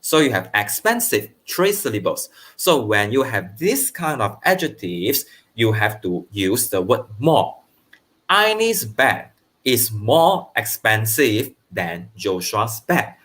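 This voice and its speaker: A man teaching primary school grammar online, explaining slowly and checking understanding with "okay", with brief bits of Mandarin. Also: on the low side, very animated, a bit bright. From Malaysia. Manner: switches into Mandarin for translations.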